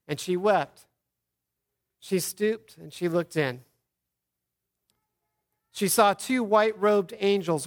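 A pastor's Easter sermon delivered by a man in his thirties with a notably high-pitched voice. He tells the story earnestly, slowing to voice quoted words softly.

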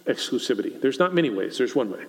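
A man's voice: fairly high pitch, normal speed. A man with a Texan accent preaching a sermon to his church, talking conversationally and asking the congregation questions. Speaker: pastor. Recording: long reverb of a church hall.

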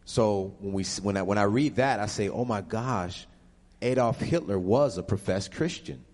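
A man with a lowish voice tells his personal testimony with emotion and animation, building to high, urgent peaks. His words carry a long reverb, as if he is speaking in a big church hall. He is a guest answering audience questions. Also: normal speed, darkish tone.

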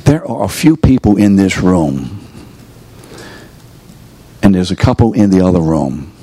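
A man's voice: deep voice, sing-song, unhurried, warm tone, slightly rough. A man preaching to a live audience in a room, pressing them with rhetorical questions and coaxing them to answer. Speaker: preacher teaching a course. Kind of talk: sermon.

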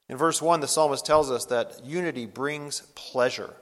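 Man preaching in a reverberant hall. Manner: earnest, rises in pitch and volume for emphasis, slows on scripture. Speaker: pastor. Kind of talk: sermon.

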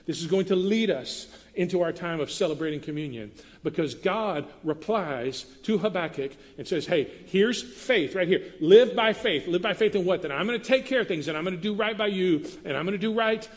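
A man preaching a sermon as pastor, reading scripture and explaining it in a lively, conversational way with bursts of emphasis. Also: high-pitched, moderate pace, hardly any pauses. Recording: long reverb of a large hall.

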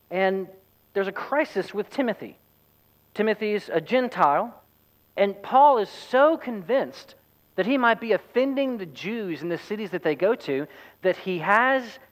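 A man's voice: sits high, low-quality recording. A man, a pastor, preaching a sermon in a conversational, storytelling way. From United States.

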